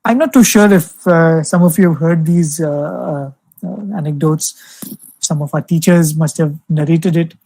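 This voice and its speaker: A young man gives a devotional talk over a video call, telling stories gently with lots of "you know" fillers. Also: fairly high pitch, no echo, poor audio. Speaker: spiritual speaker addressing alumni.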